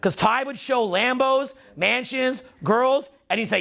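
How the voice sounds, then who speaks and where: A man's voice: very high-pitched, measured pace, gravelly, pushed and bright. A middle-aged Canadian man with a Canadian accent giving a live seminar talk, profane and teasing. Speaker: seminar speaker.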